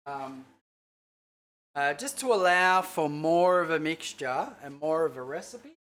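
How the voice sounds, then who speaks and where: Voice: mid-range voice, lively intonation, measured pace, fairly bright tone. Rambling, swearing chef cooking live. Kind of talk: casual cooking livestream chat. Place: home kitchen.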